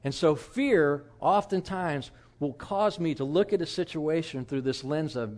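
A man's voice: on the high side, a little slow, few pauses, darkish tone. A middle-aged man preaching a sermon as pastor, telling stories in a candid, self-deprecating, conversational way.

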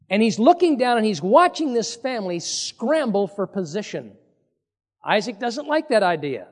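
A man preaching with a high, very lively voice that swoops up and down as he acts out the people in the passage. His words ring out into a long, echoing hall. He talks in the plain way of a pastor to his congregation. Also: moderate pace. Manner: animated, acts out quoted speakers with voice changes. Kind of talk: sermon reading and explaining scripture.

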